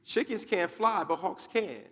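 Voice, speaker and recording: Man playing a calm, wise hawk. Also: high voice, unhurried, voice pushed up, full character voice. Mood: challenging. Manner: gently challenging. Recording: long hall reverb.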